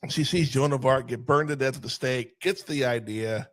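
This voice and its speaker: A man's voice: mid-range voice, normal speed, fairly bright tone. A man from South Texas hosting a casual, profane movie review chat over an online call. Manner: profane, storytelling. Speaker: podcast host.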